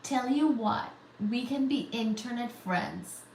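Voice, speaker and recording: A woman's voice: on the high side, takes it slowly, a little mellow, echoey room, slight background noise, poor audio. A woman from India hosting a physics channel livestream, reading viewer comments aloud and answering them in a teasing, chatty way. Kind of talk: casual livestream chat.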